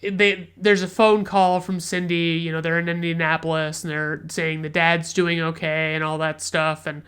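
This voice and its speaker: A man's voice: fairly high pitch, little pitch movement, normal speed, a bit bright, clear, resonant tone. A man hosting a podcast, casually recapping a film in a rambling, profane, enthusiastic way. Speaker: podcast host, film reviewer.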